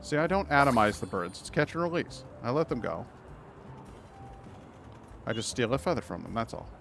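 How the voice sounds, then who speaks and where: A man's voice: mid-range voice, sing-song, moderate pace, gravelly, over music. Man, game streamer, casual live chat, mid-range voice, rambling. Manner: rambling, warm storytelling with frequent restarts.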